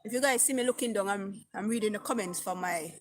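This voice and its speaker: A woman's voice: medium pitch, quick pace, soft background music. A middle-aged woman with a Jamaican accent, chatting on a live stream and reading viewer comments aloud. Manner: chatty, reads comments aloud, mixes patois. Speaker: vlogger. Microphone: phone.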